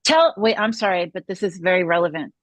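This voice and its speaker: A woman's voice: on the low side, expressive, fairly quick, no room sound. A woman in a casual podcast chat, talking with enthusiasm and laughing often.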